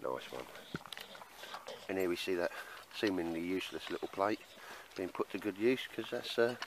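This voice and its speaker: A man's voice: deep voice, lively intonation, moderate pace, background noise. A man chatting casually to camera at an outdoor woodland camp, laughing often and calling people mate. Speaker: bushcraft vlogger.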